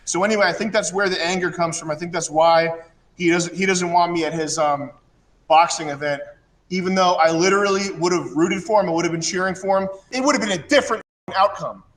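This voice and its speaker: A man hosting a casual chat, rambling and mocking, sometimes breaking into shouted rants. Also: high-pitched, brisk. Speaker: show host.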